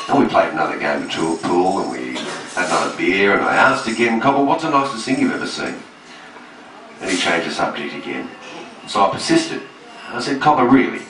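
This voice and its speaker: A man's voice: low voice, reverberant, recorded from a distance, background noise. An Australian man telling a story in laid-back slang, then reciting a verse poem.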